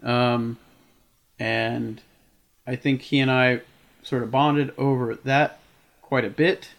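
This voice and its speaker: A man's voice: medium pitch, fairly even intonation, takes it slowly. A man in his thirties telling a heated story in casual chat, swearing often.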